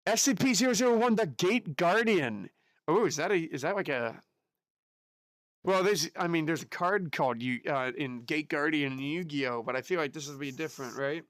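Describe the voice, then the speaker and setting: A man's voice: a little high, lively intonation, moderate pace, fairly bright tone, dry recording. A man from the United States chatting casually with his live-stream audience in a chatty, giggly way, with an unusual voice. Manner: chatty, giggly, reacts to chat.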